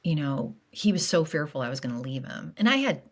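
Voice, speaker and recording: A middle-aged woman speaking as a podcast guest in a candid conversation about grief, halting with fillers and restarts, openly emotional and earnest. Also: deep voice, very animated.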